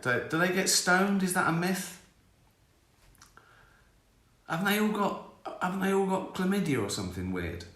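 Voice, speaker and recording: A man's voice: high voice, animated, normal speed, pauses often, fairly bright tone. Rambling man in his sixties. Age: 60s. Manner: rambling, self-mocking, chuckling. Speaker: host of a live stream. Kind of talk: casual chat answering viewer questions. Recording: roomy echo.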